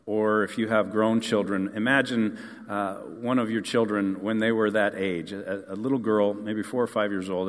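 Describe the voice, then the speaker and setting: Conversational pastor with hall reverb. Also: male voice, fairly low pitch. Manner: conversational storytelling with frequent fillers. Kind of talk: sermon. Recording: long church hall reverb.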